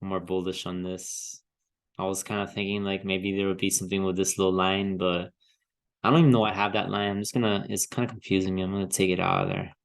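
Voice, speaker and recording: A man's voice: sits low, flat delivery, quick pace, vocal fry. A man in a casual vlog talking through trading charts, easygoing and hesitant as he thinks aloud, often trailing off and restarting. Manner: easygoing, chuckles to himself. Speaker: crypto trading vlogger. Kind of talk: casual chart analysis commentary.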